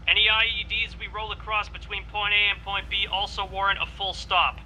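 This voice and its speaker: High bright male squad leader. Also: level tone, fairly quick, a little hiss or hum, poor audio. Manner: clipped military radio talk. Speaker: convoy leader in the game. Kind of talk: radio-style squad commands.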